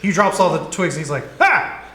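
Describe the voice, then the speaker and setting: A man's voice: on the high side, fast talker, fairly bright tone, echoey room, slight background noise. A man narrating as dungeon master, rambling and laughing as he voices the characters. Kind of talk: narrating a tabletop game.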